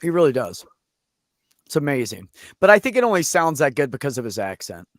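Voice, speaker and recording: A man with a mid-pitched voice, recorded dry and close to the mic, trades jokes on a livestream with friends. He reacts with playful mock disgust and chats loosely. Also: big pitch swings, brisk, no echo. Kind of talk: casual chat.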